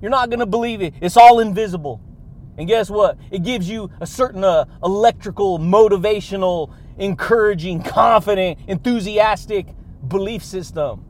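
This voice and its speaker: A man hosting a motivational podcast, hyped and energetic, laughing between phrases and calling his listeners buddy and baby. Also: sits high, normal speed. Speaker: podcast host. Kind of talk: motivational monologue.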